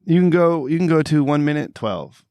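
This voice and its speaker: A man running a casual podcast, his voice a little higher than most and recorded dry and close. He calls out page numbers and cues, and ribs his co-host as he goes. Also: lively intonation, normal speed, dark tone, no room sound. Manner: directing, teasing, laughs often.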